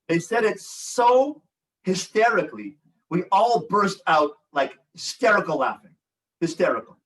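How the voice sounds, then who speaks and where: An older man, a rabbi and relationship coach, teaching an online support group with animated storytelling and acted-out quotes. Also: high voice, unhurried, distant mic, rough recording. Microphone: video call.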